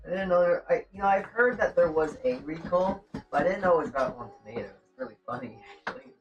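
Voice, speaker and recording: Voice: mid-range voice, lively intonation, fairly quick, muffled recording. A streamer cooking in a home kitchen, chatting casually to viewers and to themself while reading chat. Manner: rambling, chatty, talks to self and chat. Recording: distant mic with music behind.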